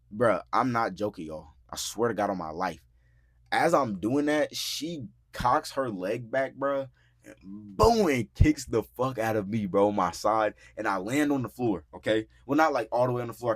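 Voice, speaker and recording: Animated young man telling a wild story. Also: on the low side, normal speed, slightly rough, no room sound, studio quality. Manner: animated, profane, acts out quotes loudly; frequent filler words like "bro" and "like". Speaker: podcast host. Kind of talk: casual storytelling. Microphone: podcast mic.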